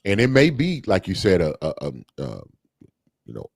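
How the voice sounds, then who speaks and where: A man's voice: low voice, huge pitch swings, normal speed, vocal fry, slightly rough, no echo, clean studio sound. A man co-hosting a podcast, talking things through in a casual, thoughtful way with fillers and restarts. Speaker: podcast co-host. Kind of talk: casual discussion.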